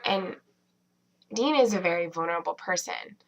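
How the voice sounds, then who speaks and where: A woman's voice: fairly low pitch, expressive, normal speed, highs cut off. A woman reviewing a TV episode in a casual, rambling way, full of fillers and restarts. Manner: chatty, many fillers and restarts.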